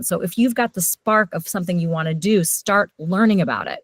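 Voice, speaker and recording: A woman's voice: on the low side, no echo. A middle-aged woman, a voiceover coach, telling stories animatedly in a casual interview. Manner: animated storyteller, quick shifts in loudness.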